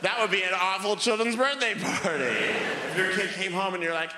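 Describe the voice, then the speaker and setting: A man in his thirties doing a stand-up comedy set on a theater stage, telling animated stories and shouting punchlines in put-on voices. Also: high-pitched, normal speed. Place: theater stage before a laughing audience. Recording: live hall reverb, faint noise.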